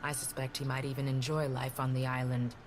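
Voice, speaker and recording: A calm, grave tribal elder. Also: female voice, rumbling low, a little hiss or hum. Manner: measured and grave. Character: calm, weathered older woman tribal leader. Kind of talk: game voice acting. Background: game music.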